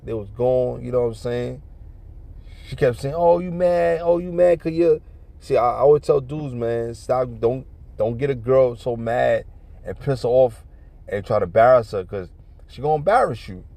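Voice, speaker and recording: A man's voice: medium pitch, a little mellow. A man telling a neighborhood story in casual, profane street talk, then urging listeners toward faith, peppering every line with "man" and "you know what I'm saying.". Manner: earnest religious exhortation. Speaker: vlogger giving life advice.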